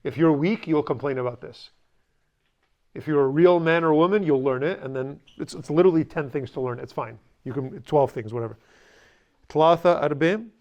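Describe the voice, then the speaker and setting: Male teacher, slightly higher pitch, blunt and joking, running a class and drilling repetition. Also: normal speed, darkish tone. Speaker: language teacher. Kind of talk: classroom lesson.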